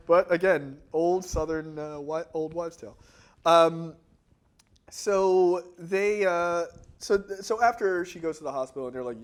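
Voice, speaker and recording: A man's voice: a little high, measured pace, clean tone. A man co-hosting a casual movie-review podcast, rambling through tangents, laughing often and acting out other people's lines. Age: adult. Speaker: podcast co-host.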